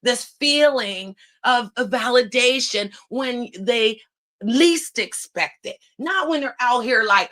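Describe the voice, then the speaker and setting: A woman's voice: a little high, sing-song, slow, sharp tone. A woman hosting a livestream, chatting casually with viewers, blunt and sarcastic, laughing often and reading comments aloud. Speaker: livestream host.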